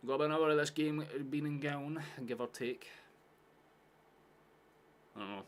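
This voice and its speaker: A man hosting a live football watchalong, chatting casually, swearing often and shouting at big chances. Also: a little high, normal speed, clean tone.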